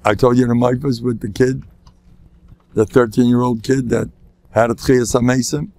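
An older man gives a storytelling lecture as a rabbi, with a gravelly, creaky voice at a middle pitch. He acts out the voices of the people in his stories and laughs at his own jokes. The recording is dry and close. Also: little pitch movement, normal speed, darkish tone, no room sound. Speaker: rabbi giving a talk. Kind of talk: anecdotal lecture.

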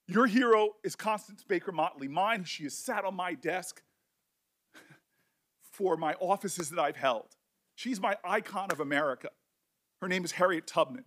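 A man's voice: sits high, a bit bright. A middle-aged man, a senator, speaking with emotion and passion at a hearing, often restarting his words. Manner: emotional, impassioned, halting restarts. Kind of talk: speech at a hearing.

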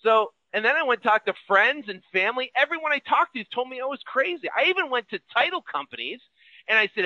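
A man from the United States, a real estate investing coach, telling his own story in an animated motivational pitch and acting out his past fears. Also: fast, no room sound, lo-fi sound.

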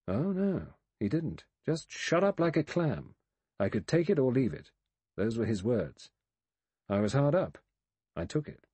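A man's voice: medium pitch, sing-song, a little slow, darkish tone, breathy edge, dry recording, pitched above the performer's own voice. A man voicing a cool, sardonic male adventurer in an audiobook, talking in a dry, guarded way.

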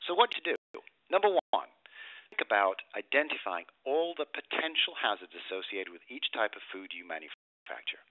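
A man's voice: fairly low pitch, very animated, moderate pace, dry recording. A man presenting a food safety webinar, explaining the rules point by point with firm emphasis. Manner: emphatic, walks through points step by step. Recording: dry, narrow phone-line sound.

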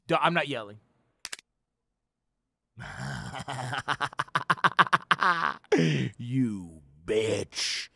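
A young man giving profane, slangy commentary on a horror game, yelling and cursing at jump scares. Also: a little high, animated, moderate pace, long pauses. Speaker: gaming YouTuber. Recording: faint background noise.

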